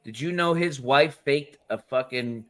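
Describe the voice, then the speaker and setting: A man's voice: medium pitch, a little slow, a bit bright, no echo. A man co-hosting a live panel show in casual, profane, rambling chat, laughing often. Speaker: podcast co-host.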